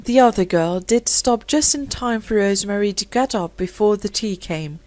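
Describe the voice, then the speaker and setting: A woman reading a classic short story aloud as an audiobook narrator, in a measured, clear way. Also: mid-range voice, a little mellow, no echo. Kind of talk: scripted narration.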